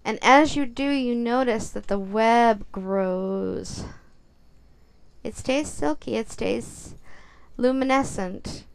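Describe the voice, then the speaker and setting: A woman's voice: a little high, slow pace, gravelly, a little hiss or hum. A woman narrating a guided visualization story in a soothing second-person voice.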